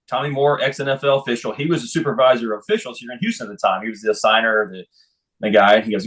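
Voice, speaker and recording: Guest: middle-aged man, average pitch, animated storyteller who acts out calls. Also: quick pace, poor audio. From Texas. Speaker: football official, guest. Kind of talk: storytelling interview.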